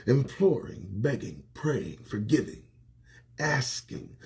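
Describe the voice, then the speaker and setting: A man hosting his own livestream show, ranting to camera with lots of swearing, jumping between loud outbursts and muttered asides, recorded indoors on a small home set. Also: sits high, very animated, normal speed. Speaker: host. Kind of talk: profane political rant to camera. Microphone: phone or webcam livestream.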